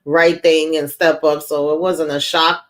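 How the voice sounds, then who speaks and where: This is a livestream host deep in casual chat about a TV episode, medium-pitched and easygoing. The host talks freely and slips into acted-out quotes with a laugh. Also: little pitch movement, a little slow, a bit bright. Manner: chatty, acts out quotes with laughs.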